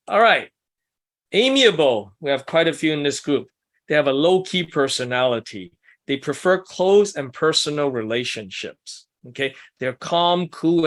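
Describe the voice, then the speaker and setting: Man workshop leader, somewhat high voice, chatty and self-deprecating, talking to a small group in a meeting room. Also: expressive, normal speed, fairly bright tone. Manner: conversational, asks the group questions, self-deprecating asides. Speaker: workshop leader for ministry couples. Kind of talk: casual teaching talk to a small group.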